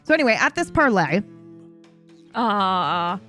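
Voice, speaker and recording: A woman's voice: mid-range voice, big pitch swings, measured pace, a bit bright, faint music behind. A woman streamer recapping a roleplay story in a chatty, profane way, often interrupting herself.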